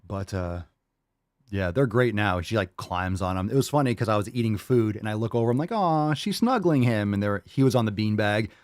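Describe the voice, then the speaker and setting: A man's voice: on the low side, fairly even intonation, brisk, a little mellow, smooth, no room sound, studio quality. A young man hosting a podcast, talking loosely and casually, laughing often and swearing freely. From Florida. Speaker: podcast host.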